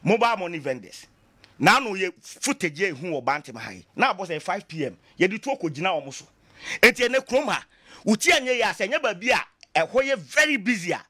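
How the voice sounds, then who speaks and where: A man with a Ghanaian accent, speaking as a political commentator in a lively talk show discussion, passionate and full of rhetorical questions. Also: high voice, a little fast, no room sound, studio quality. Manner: passionate, mixing Twi and English, rhetorical questions.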